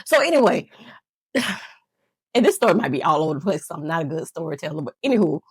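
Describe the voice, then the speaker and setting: A woman's voice: low-pitched, big pitch swings, fast talker, slightly rough, no echo. A woman vlogger telling a rambling, self-mocking story to camera, laughing often. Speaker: nail channel vlogger.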